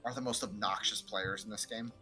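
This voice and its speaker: A man's voice: fairly low pitch, steady tone, a little fast, bright, forceful tone, faint music behind. A man chatting casually about a video game, talkative and full of filler words. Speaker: co-player. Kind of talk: casual gaming chat.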